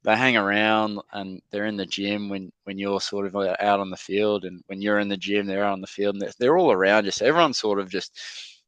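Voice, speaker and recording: Laid-back young man, smooth low voice. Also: steady tone, a little fast, fairly bright tone, no echo. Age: young adult. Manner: laid-back, chatty, lots of fillers and mates' slang. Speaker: podcast guest, rugby league player. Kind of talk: casual interview storytelling.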